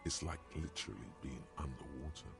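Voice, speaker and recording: An actor voicing a solemn male video game narrator with a gravelly voice. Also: a bass voice, brisk, music in the background.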